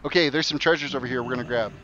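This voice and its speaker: A man's voice: mid-range voice, rapid-fire, sharp tone, highs cut off, slight background noise. A man streaming a video game, chatting and joking casually with his viewers as he plays. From Canada. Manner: chatty and joking, reads chat aloud. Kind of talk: casual commentary while playing.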